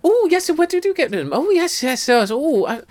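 Two twittering upper-class twin sisters who love gossip and the macabre, as a game master puts them on in a tabletop game. The voice swoops up into high, fluttery exclamations and the sound is dry and close. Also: male voice, very animated, brisk, no room sound. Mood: gossipy, delighted. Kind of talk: tabletop role-play voicing.

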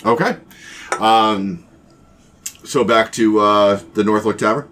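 A man narrating as game master of a tabletop game, wry and relaxed with sweary banter. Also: fairly low pitch, slow, a little hiss or hum.

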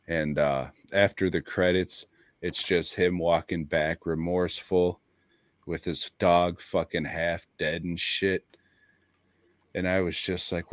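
Slow-talking, deep-voiced podcast host. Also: male voice, flat delivery, no room sound. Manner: profane, blunt, laughs often. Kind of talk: casual podcast chat.

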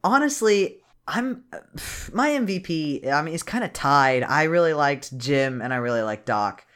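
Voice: mid-range voice, expressive, a little slow, fairly bright tone, clean tone. A podcast co-host in casual chat who laughs often and trails off mid-sentence.

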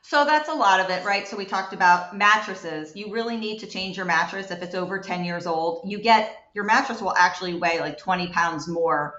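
A woman, a home environmental investigator, telling stories as a guest in an animated, chatty way with many fillers. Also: medium pitch, moderate pace, hardly any pauses. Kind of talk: guest storytelling in a chat. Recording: roomy, dull lo-fi sound.

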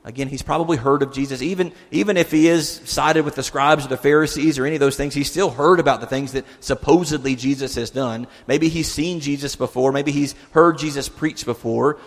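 A man's voice: on the high side, fairly quick, hardly any pauses. Man preaching in a reverberant hall. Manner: conversational, asks the listeners rhetorical questions. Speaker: pastor. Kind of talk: sermon.

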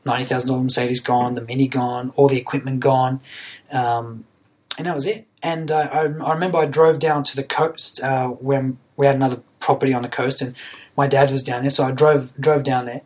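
A young man, a podcast guest telling his story in an earnest, halting way, often repeating words. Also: medium pitch, flat delivery, a little mellow. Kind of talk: casual storytelling.

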